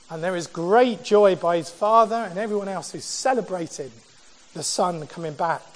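High-voiced man preaching in a hall. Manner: measured preaching with rhetorical questions. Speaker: pastor. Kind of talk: sermon.

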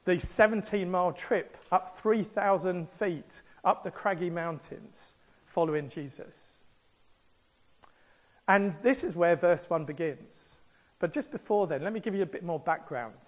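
High-voiced male preacher giving a sermon. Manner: animated storytelling delivery, acts out quoted voices.

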